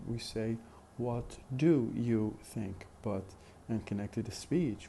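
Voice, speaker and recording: A man teaching a phonetics lesson in a slow, deliberate way, repeating example questions. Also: lowish voice, creaky, dark tone, slight background noise. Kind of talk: recorded lecture.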